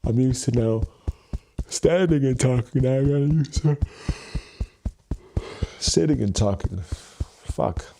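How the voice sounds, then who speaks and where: A man hosting a tapping livestream who rehearses his intro over and over, swears casually and thinks aloud with long pauses while seated at his desk. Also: medium pitch, lively intonation, warm tone, a little hiss or hum. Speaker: livestream host, EFT tapping coach. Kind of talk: unscripted livestream self-talk. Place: seated at his home workstation.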